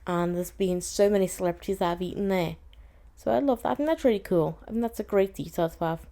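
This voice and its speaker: Mellow-voiced woman telling a story. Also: medium pitch, fast talker. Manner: chatty and exasperated, with frequent "like" fillers. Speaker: podcast host. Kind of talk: casual storytelling chat.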